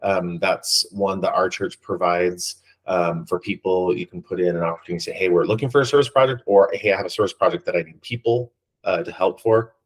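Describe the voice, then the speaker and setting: A man's voice: low voice, fairly even intonation, fairly quick, rough recording. A man co-hosting a podcast, chatting casually and rambling with many ums and restarts. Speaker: podcast co-host. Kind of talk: casual chat.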